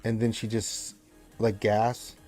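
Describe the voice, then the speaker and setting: A man runs a tabletop game, narrating in a relaxed, rambling way full of fillers. His voice is low and mellow, with faint music playing behind him. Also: slow. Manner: loose, conversational narration with fillers. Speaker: game master.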